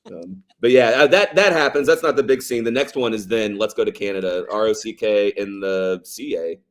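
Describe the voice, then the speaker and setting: A man's voice: fairly low pitch, normal speed. Rambling man chatting about a movie. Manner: rambling, swears, laughs, many fillers. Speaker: podcast co-host. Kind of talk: casual movie discussion.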